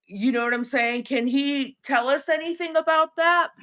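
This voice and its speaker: A woman's voice: high voice, moderate pace, sharp tone. A woman hosting a livestream, talking bluntly in casual chat and filling with "like". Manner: blunt, uses "like" a lot. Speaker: livestream host.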